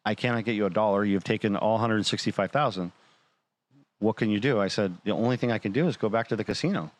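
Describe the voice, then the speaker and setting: Low-voiced man telling a story. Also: fast talker. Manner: animated, quotes others in dialogue. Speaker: show guest or panelist. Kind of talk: casual storytelling.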